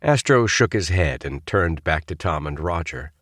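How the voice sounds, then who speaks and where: A man narrating a children's space adventure audiobook with expressive storytelling. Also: deep voice, moderate pace, no room sound, studio quality. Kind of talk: scripted narration.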